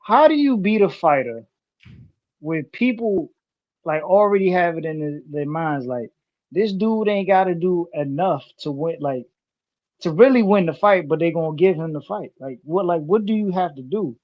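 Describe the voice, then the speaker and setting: A man co-hosting a casual livestream, pausing and restarting as he works out his questions, heard through a phone microphone. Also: a little high, lively intonation. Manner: hesitant, searching for words. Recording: dull lo-fi phone mic.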